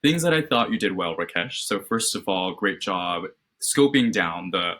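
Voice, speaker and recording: A man's voice: low-pitched, expressive, moderate pace, a bit bright, a little hiss or hum. A man acting as a mock interviewer, giving structured, encouraging feedback over a video call, often tagging his points with "right?".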